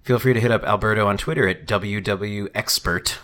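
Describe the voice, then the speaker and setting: A man co-hosting a casual comedy podcast, goofy, with deadpan asides and half-finished jokes. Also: fairly low pitch, fairly quick. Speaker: podcast co-host.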